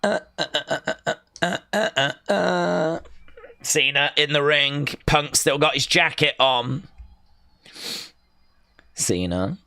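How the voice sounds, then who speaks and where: An excitable young man, hosting a live watch-along stream, chatting, chanting and reading out viewer comments. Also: a little high, takes it slowly, creaky, pauses often, no room sound, studio quality. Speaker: livestream host.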